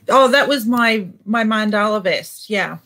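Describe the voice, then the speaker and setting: Slow-talking, easygoing woman. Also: mid-range voice, fairly bright tone. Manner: easygoing, laughs often, supportive. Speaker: livestream guest. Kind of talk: casual livestream chat.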